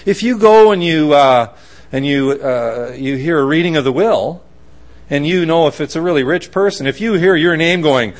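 Guy preaching, kinda high voice, acts out little voices in his stories. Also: moderate pace. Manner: animated storytelling, acting out voices. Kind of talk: sermon.

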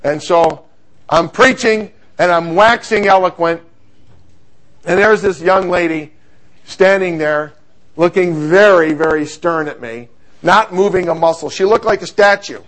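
A middle-aged man preaching a sermon, telling stories in an animated, humorous way. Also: sits high, unhurried.

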